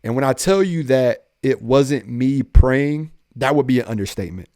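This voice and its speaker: A young man, a police officer, telling his life story in a casual podcast chat, goofy and animated, acting out the lines he quotes. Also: medium pitch, moderate pace, no echo, clean studio sound.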